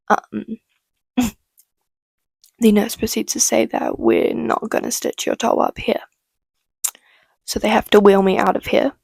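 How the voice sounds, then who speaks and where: A woman with a gravelly, fry-laden voice tells a story straight to the camera, chatty and loose, swearing freely. Her sound is close and dry, with no room around it. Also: mid-range voice, no room sound. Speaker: vlogger. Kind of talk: casual storytime.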